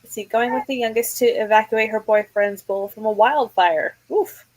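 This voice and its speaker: A woman's voice: fairly high pitch, fairly even intonation, moderate pace, low-quality recording. A woman hosting a casual livestream, chatting and reading viewers' comments aloud in a playful, mock-dramatic way. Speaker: livestream host.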